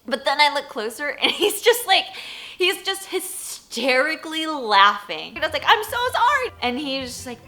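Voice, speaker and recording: A woman in her thirties, a poker journalist, telling a story in a vlog, animated and full of "like", acting out her own reactions. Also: high-pitched, moderate pace.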